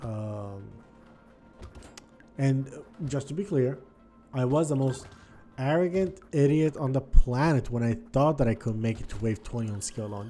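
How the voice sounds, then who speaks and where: A man giving casual gameplay commentary, thinking aloud and swinging between quiet muttering and frustrated outbursts. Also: medium pitch, moderate pace, soft background music. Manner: thinks aloud, repeats words and restarts. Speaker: gaming video host.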